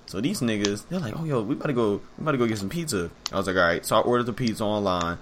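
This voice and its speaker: A man's voice: fairly low pitch, racing, fairly bright tone, a little hiss or hum. A young man co-hosting a podcast, telling a story in laid-back slangy casual chat and swearing freely. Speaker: podcast co-host.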